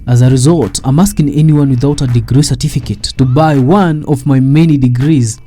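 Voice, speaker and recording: A man's voice: medium pitch, mellow, breathy edge. A man reading a scripted commentary voice-over in a wry, dramatic storytelling manner. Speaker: narrator.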